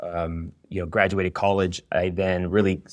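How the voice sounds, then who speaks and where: In this casual interview, a thirtysomething man who teaches video speaks as a podcast guest, full of energy and fillers like "you know" as he tells his story. The voice sits low at a measured pace, with no echo in the recording.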